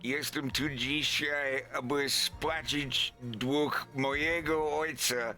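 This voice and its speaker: A man voicing a one-eyed male pilot who pleads in slow, stumbling, carefully read Polish. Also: mid-range voice, steady tone, bright, forceful tone, soft background music, voice pushed up. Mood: halting, pleading. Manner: slow, stumbling, careful foreign-language reading.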